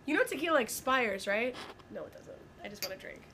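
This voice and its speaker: A woman's voice: a little high, lively intonation, fairly quick, pushed and bright. Woman guest, bartender, candid and foul-mouthed, casual chat with faint hiss behind. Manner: candid, blunt and profane.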